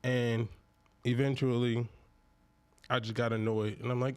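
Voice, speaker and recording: A man's voice: medium pitch, moderate pace, long pauses, clear, resonant tone. A man co-hosting a casual podcast, telling a story with energy and acting out what people said. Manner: animated storyteller, acts out quotes. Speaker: podcast co-host. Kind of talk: casual chat.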